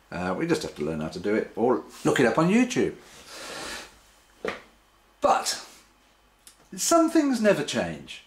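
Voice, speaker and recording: Wry, hesitant man vlogging. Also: fairly low pitch. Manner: wry, hesitant, lots of ums and restarts. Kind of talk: casual rambling monologue. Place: home kitchen. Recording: roomy kitchen echo.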